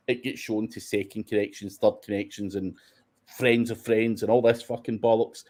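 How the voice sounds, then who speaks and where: A Scottish man with a dark, mellow tone answers viewer questions in a relaxed, sweary way. He talks bluntly, laughing now and then between his points. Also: medium pitch. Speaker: host of SEO Q&A. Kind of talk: casual livestream Q&A.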